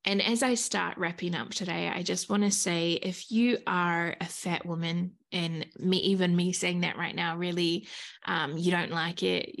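Woman in her 30s doing a podcast monologue, bit of vocal fry, real earnest, swears a lot. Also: mid-range voice. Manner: earnest, frank, swears freely. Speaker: podcast host. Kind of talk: casual motivational monologue.

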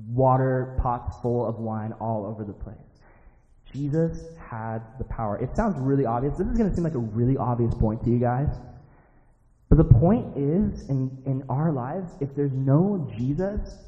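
A man's voice: mid-range voice, warm tone. A young man giving a sermon in a casual, emphatic, conversational way, full of "like" and vivid asides. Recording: dull sound in a reverberant hall.

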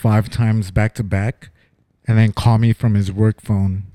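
A barber chatting casually in a podcast conversation, telling rambling stories about clients. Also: male voice, on the low side, little pitch movement, unhurried, warm tone, no room sound, clean studio sound.

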